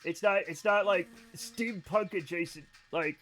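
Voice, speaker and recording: A man's voice: high voice, moderate pace, a bit bright. A tipsy man streaming a game and chatting casually with his viewers, blunt and profane.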